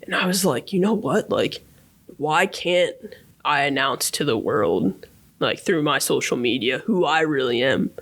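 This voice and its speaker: A man in his thirties, a podcast guest, talking through a personal story in a relaxed, reflective way, often checking in with "right?". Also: on the high side, measured pace. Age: 30s. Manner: reflective, warm storyteller, many fillers and tag questions. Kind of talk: casual interview storytelling.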